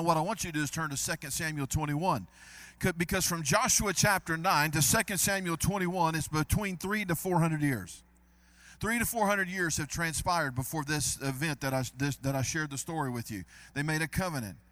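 A man preaching a sermon, building to loud emphatic repetition. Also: fairly high pitch, no echo. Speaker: pastor.

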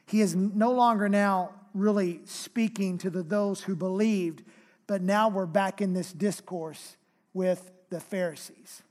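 Male pastor, high voice, emphatic sermon delivery, slow scripture reading. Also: in a large hall.

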